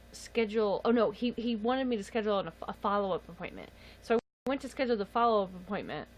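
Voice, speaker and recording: A young woman chats on a home livestream, telling a long story with exasperated asides and frequent laughs. Her voice sits at an ordinary middle pitch for a woman. A faint hiss of background noise runs under the webcam mic. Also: poor audio. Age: young adult. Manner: chatty, exasperated, laughs often. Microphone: webcam or phone mic.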